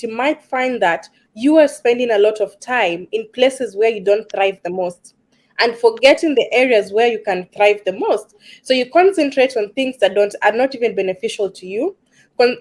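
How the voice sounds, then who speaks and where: A woman's voice: a little high, a little mellow. A woman with an East African accent, a stress management coach in a casual discussion, talking earnestly with some ums and repeated words for emphasis.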